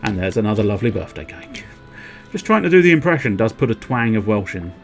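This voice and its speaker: A man chatting to himself while streaming a video game, in rambling, quiet, self-amused asides. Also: lowish voice, big pitch swings, fast, soft background music. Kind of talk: casual game commentary.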